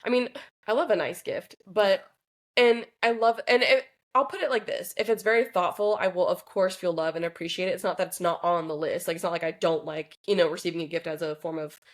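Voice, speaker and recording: A woman's voice: fairly low pitch, fairly even intonation, a little fast. A young adult woman co-hosting a relationship podcast, chatting casually and thinking aloud with lots of fillers. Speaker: podcast co-host. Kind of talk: casual chat.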